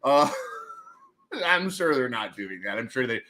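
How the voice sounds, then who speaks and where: A man's voice: medium pitch, sing-song, slow pace, pushed and bright. A man hosting a casual livestream, rambling and joking and laughing often between his remarks. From United States. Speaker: livestream host.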